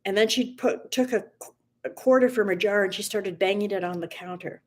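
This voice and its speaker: A woman hosting a motivational livestream, reading an inspirational story in a gentle, slow manner and softening at times almost to a whisper. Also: mid-range voice.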